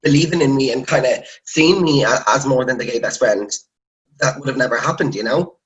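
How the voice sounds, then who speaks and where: A man's voice: mid-range voice, a little fast, dull audio. An Irish man, an actor and writer, talking frankly and expressively as a podcast guest, swearing now and then. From Ireland. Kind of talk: casual interview chat.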